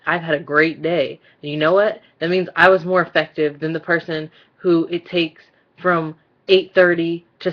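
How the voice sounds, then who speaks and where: Blunt, monotone woman vlogger ranting. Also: low voice. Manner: mostly monotone, blunt and exasperated. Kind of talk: casual ranting vlog. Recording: dull lo-fi recording.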